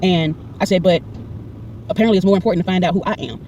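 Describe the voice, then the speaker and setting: Woman in her 40s, rapid animated storytelling, mellow voice, indignant, quotes both sides of every exchange. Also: on the low side, distant mic, dull audio, slight background noise. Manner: heated and indignant when retelling. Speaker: vlogger recounting a personal incident. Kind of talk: casual storytelling to camera.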